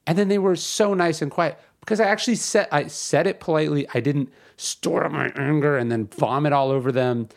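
A man's voice: a little high, fairly quick, creaky, hardly any pauses. A man in his thirties hosting a podcast, talking in a casual, emphatic way that slides into a rant. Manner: conversational, ranting, emphatic with repetition. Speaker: podcast host. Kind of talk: casual spoken commentary.

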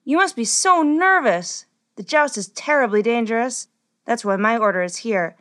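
Woman playing a shy girl cleric, gentle, kind, fairly high voice. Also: expressive, normal speed. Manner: gentle, shy, warm-hearted.

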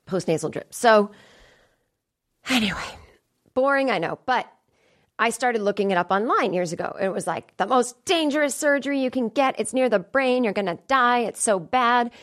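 A woman in her thirties hosting a comedy podcast from a studio, chatting casually and acting out the voices of people in her stories. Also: medium pitch. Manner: chatty, animated storyteller acting out quoted voices. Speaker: podcast host.

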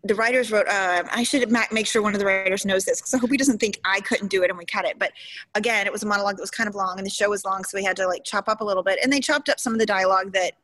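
A woman soap opera actress in her forties, telling stories in an interview in a chatty, emotional, animated way. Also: medium pitch, rapid-fire, dry recording, low-quality recording.

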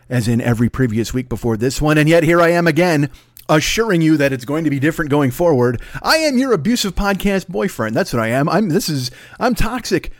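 A man hosting his own podcast in a rambling, profane, self-mocking comic monologue, often talking fast. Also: fairly high pitch, no room sound, clean studio sound. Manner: talks fast, then slows down. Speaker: podcast host.

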